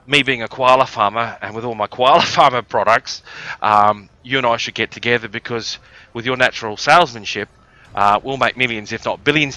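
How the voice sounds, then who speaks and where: A man's voice: medium pitch, pushed and bright, no echo. Coughing Australian man telling a story. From outback Australia. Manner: rambling, crude, joking. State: has a cough. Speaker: live streamer. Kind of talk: casual storytelling.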